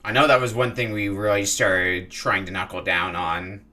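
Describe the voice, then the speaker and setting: A man's voice: lowish voice, flat delivery, normal speed, bright, forceful tone. A man streaming a video game, chatting casually and playfully with his viewers. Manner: chatty and playful, laughs easily. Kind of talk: casual gameplay commentary.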